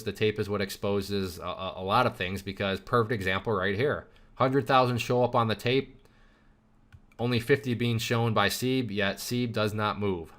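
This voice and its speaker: A man's voice: on the low side, fairly bright tone. A man teaching a recorded lesson on stock trading in a conversational way, with rhetorical questions and frequent restarts. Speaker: trading instructor.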